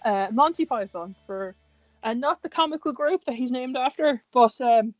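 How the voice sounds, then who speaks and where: Chatty Irish woman, slightly high voice. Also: normal speed, dry recording, dull audio, soft background music. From Ireland. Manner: chatty, frequent restarts and swearing. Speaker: podcast co-host. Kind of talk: casual chat.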